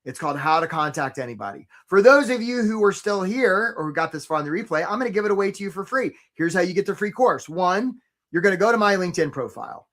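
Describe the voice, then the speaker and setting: A man hosting a live career webinar, coaching casually with jokes and giving shout-outs to viewers by name. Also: high voice, fast. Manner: energetic and joking, breaks into short mocking impressions of job seekers.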